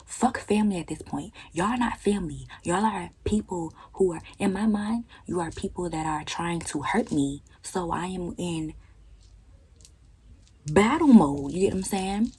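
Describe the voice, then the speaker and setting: Brief: young woman vlogger, low husky voice, animated, profane storytime with whispered emphasis. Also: normal speed, hardly any pauses, rough recording. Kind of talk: storytime vlog.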